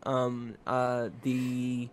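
A young man co-hosting a casual chat, relaxed and unhurried, hesitating with ums and calling his friend bro. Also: medium pitch, clean tone. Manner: laid-back, says bro, hesitant with um and uh.

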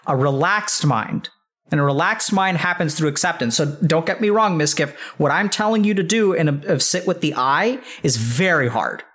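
Calm man coaching with measured talk. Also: a little high. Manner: measured, repeats yep, coaching tone. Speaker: host giving advice on the mind. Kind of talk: calm explanatory conversation.

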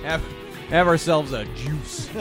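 A man's voice: fairly high pitch, slow pace, over music. A man co-hosting a podcast, chatting in a rambling, profane, jokey way and laughing often. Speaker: podcast co-host. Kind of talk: casual chat.

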